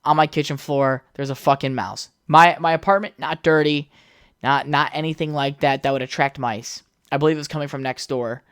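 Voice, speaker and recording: A young adult podcast host tells a loose, meandering story on their own, cursing freely and drifting into side remarks. The voice sits at a mid pitch and is recorded close and dry, with no room sound around it. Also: steady tone, fairly quick, smooth, no echo. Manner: rambling, heavy swearing, chatty asides. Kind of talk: casual solo podcast storytelling.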